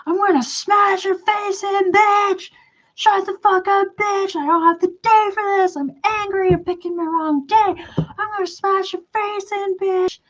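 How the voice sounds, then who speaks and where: A woman's voice: extremely high pitch, fairly even intonation, unhurried, dull audio, pitched above the performer's own voice. A woman voicing a furious stranger on a train who screams threats over and over. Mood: screaming rage. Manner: shrieking, repeating threats.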